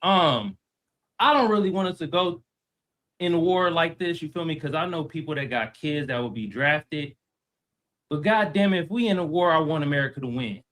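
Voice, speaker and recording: A man with a bright, forceful, slightly high voice talks on a live debate stream. He is blunt and full of slang, and he keeps tossing in "bro". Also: brisk. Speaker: debate panelist. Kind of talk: casual heated stream talk.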